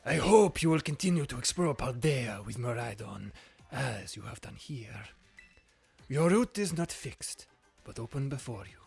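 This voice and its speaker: A man voicing a suave male professor from a video game in a put-on Spanish accent, reading the lines slowly and dramatically. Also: medium pitch, animated, gravelly, a little mellow, husky, faint music behind, heavily acted. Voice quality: mock Spanish accent, dramatic slow delivery. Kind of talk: game dialogue read in a put-on voice.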